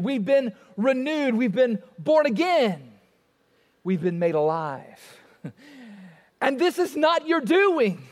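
Preaching man in a reverberant hall. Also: extremely high pitch. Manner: preaching with emphatic rises and soft drops. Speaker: pastor. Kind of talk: sermon.

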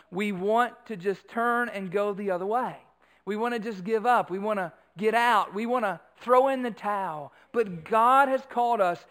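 A middle-aged man preaching a sermon, swinging from quiet asides to loud, stretched-out emphasis. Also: high-pitched. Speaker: pastor.

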